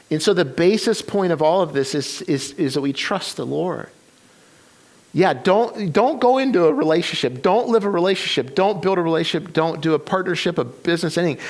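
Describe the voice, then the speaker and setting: A man preaching a sermon, retelling a story with many restarts and quoted voices. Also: a little high. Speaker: pastor. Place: church sanctuary.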